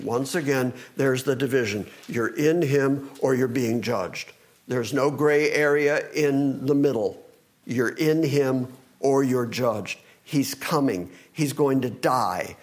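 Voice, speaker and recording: A male pastor preaching a sermon, talking fast and reading scripture with emphasis. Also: medium pitch, a little mellow.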